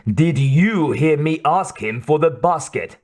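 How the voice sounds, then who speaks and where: A man's voice: fairly high pitch, animated, takes it slowly, a little mellow, pitched above the performer's own voice. A man reading an audiobook, voicing a grumpy, sarcastic male crewman who complains dryly. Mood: grumbling. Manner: irritable, dry complaints.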